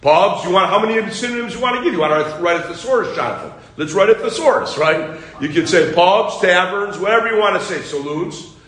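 A man teaching a Talmud class, quizzing his students with quick questions and pushing them to read on. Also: sits high, expressive, a bit bright, echoey room, poor audio.

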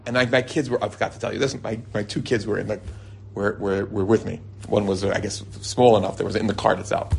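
A man telling lively stories to a group and weaving in religious teaching, often jumping into a high excited voice when he quotes people. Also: quick pace, vocal fry, slightly rough. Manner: animated storyteller, jumps to a high excited voice when quoting people; chuckles and restarts mid-sentence. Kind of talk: storytelling talk with religious teaching. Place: lives in Israel.

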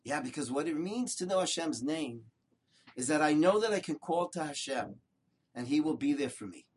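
An older man, a rabbi, teaching a Torah lesson with lively storytelling, rhetorical questions and short repeated phrases for emphasis. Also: on the high side, normal speed, slightly rough.

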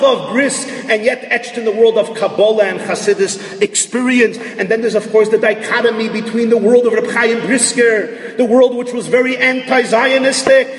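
A man giving a lecture on Jewish thought, dense with Hebrew and Yiddish terms, swinging from hushed tones to shouted emphasis. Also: extremely high pitch. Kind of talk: lecture to an audience. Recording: echoey hall from far off, faint noise.

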